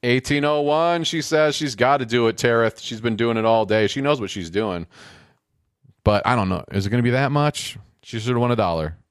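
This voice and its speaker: A man's voice: medium pitch, moderate pace, smooth, dry recording, clean studio sound. A man giving casual play-by-play commentary on a game show, rambling with sarcastic, wisecracking asides.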